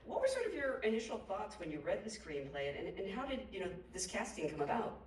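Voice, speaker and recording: Lively woman moderating a panel. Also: medium pitch, fairly quick. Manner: enthusiastic, chatty. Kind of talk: hosting a panel Q&A. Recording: roomy hall, distant mic, faint noise.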